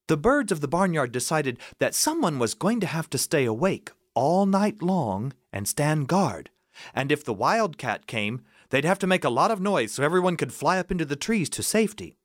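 A man from South Carolina, telling a story and breaking into high squawking bird noises. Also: dry recording, studio quality.

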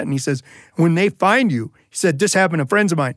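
A man tells a funny personal story, lively and animated, slipping into the voices of the people in it. His voice sits a little high, and the recording is close and dry with no room sound. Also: a little fast, no room sound. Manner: humorous, animated delivery with acted-out quotes. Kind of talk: live storytelling performance.

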